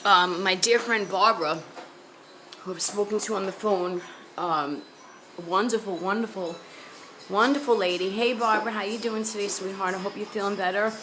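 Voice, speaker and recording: A woman's voice: medium pitch, moderate pace, fairly bright tone, low-quality recording. New york lady vlogging at home, rambly and sincere, water running and noise behind her. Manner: rambling, earnest, talks about faith and prayer. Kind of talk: casual chat to camera.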